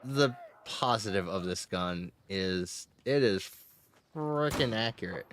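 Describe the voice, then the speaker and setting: A man streaming a game and chatting casually, his voice strained and hoarse, laughing often and swearing. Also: on the low side, animated, takes it slowly, background noise.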